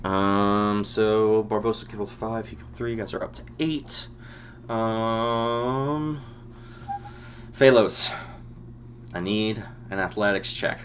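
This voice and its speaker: Casting: deep-voiced male game master, relaxed narration, faint hum behind. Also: slow, pauses often. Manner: descriptive, relaxed, many ums. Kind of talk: narrating a tabletop role-playing game.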